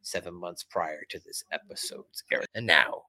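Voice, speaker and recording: A man hosting a podcast, casually recapping a cartoon episode in an animated way. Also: deep voice, normal speed, dry recording. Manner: animated, jumps into voices while retelling. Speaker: podcast host.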